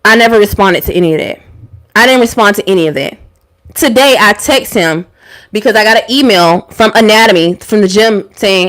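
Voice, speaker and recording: A woman's voice: medium pitch, fairly quick. Profane, ranting woman streamer. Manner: profane, animated, talks back to chat. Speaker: YouTuber and live streamer. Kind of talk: casual storytime rant to viewers.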